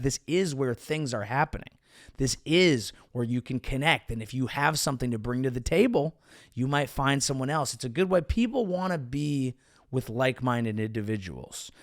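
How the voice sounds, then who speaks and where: A male comedian hosting his show, riffing sarcastically in a rambling, animated way with sudden pitch jumps. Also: dry recording, clean studio sound. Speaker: comedian podcast host. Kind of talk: casual comedic commentary.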